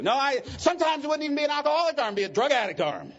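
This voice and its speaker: A man's voice: extremely high pitch, big pitch swings, fast, fairly bright tone, lo-fi sound, slight background noise. A middle-aged man speaking at a recovery convention, telling candid, joking and emotional stories from his own life. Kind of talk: personal testimony talk.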